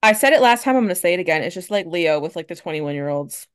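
A woman with a fairly low voice co-hosts a casual podcast. She reacts to her partner's story with quick, playful asides and laughs often. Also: animated, smooth, no room sound, clean studio sound. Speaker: podcast co-host. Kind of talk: casual chat.

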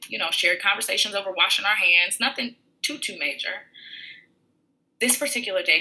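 A woman tells a story from her own life and acts out each exchange as she goes. Her voice sits a little low but has a very bright, forward tone. The retelling stays lively throughout. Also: rough recording. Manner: animated retelling with quoted voices. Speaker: podcaster telling a personal story. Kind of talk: personal storytelling.

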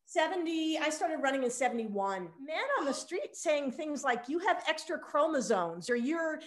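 Older woman host, high voice, calm, says yeah a lot. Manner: calm, short affirmations, measured questions. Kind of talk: interview.

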